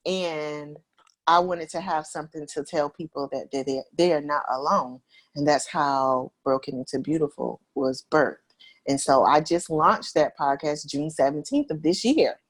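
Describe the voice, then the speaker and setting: A woman's voice: deep voice, normal speed. A woman from South Carolina, a podcast guest telling her story in an earnest, reflective way. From South Carolina, USA. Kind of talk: interview storytelling.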